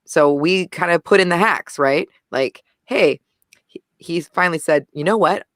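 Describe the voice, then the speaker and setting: A woman's voice: on the low side, a little slow, a bit bright, dry recording, studio quality. A woman co-hosting a casual discussion, talking intensely and animatedly and often restarting her sentences. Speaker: podcast co-host.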